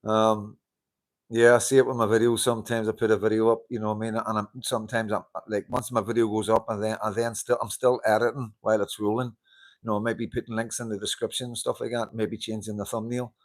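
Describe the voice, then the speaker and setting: A man's voice: on the low side, little pitch movement, fast talker. A man hosting a casual live-stream chat, greeting viewers, laughing often and swearing casually into a handheld mic. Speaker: livestream host. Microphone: handheld wireless mic.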